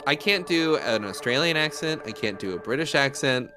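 A man's voice: mid-range voice, animated, moderate pace, noisy background. An American man co-hosting a streamed game playthrough, rambling casually with lots of fillers and jokes. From United States. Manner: rambling, filler-heavy, joking. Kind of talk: casual chat.

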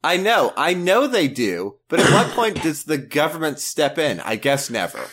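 A man's voice: on the high side, big pitch swings, normal speed, fairly bright tone, breathy edge. A man from the US Pacific Northwest co-hosting a podcast, talking in a rambling, casual way with swearing and frequent restarts. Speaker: podcast co-host. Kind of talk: casual chat.

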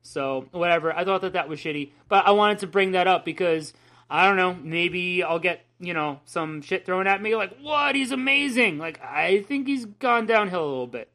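A man co-hosts a podcast of casual comic book chat, ranting profanely about comics and laughing often. His voice is high-pitched and a bit bright, at a moderate pace.

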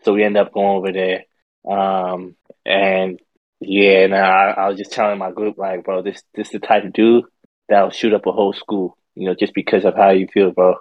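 Young man, rambling slangy storyteller, lowish voice, dull dry recording. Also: level tone, normal speed, no room sound. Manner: rambling, repeats words, slangy. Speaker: podcast storyteller. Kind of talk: casual profane storytelling.

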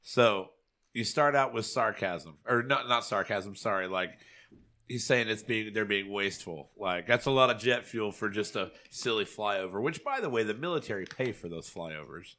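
Casual podcast host, male, bright tone, animated and profane. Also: fairly low pitch, normal speed. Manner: animated, swearing freely. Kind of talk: casual chat.

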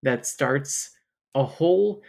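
A woman's voice: extremely low pitch, lively intonation, slow pace, vocal fry, a little mellow. Wry, candid woman podcast co-host. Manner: wry, candid, laughs often. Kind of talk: casual book discussion chat.

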